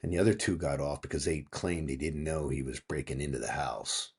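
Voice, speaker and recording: Extremely low, brisk, gravelly and slightly rough, this is the voice of a man in his fifties from Pennsylvania. He's a guest author in a casual interview, animatedly telling a story, acting out quotes and using frequent profanity.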